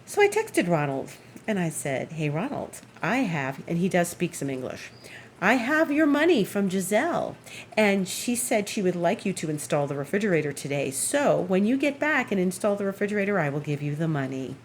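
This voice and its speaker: A woman's voice: lowish voice, very animated, moderate pace, a little hiss or hum. A woman host telling a story in a casual, amused way, chatting at home. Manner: chatty, amused, acts out others' lines in raised voice. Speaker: astrologer and Reiki practitioner, show host.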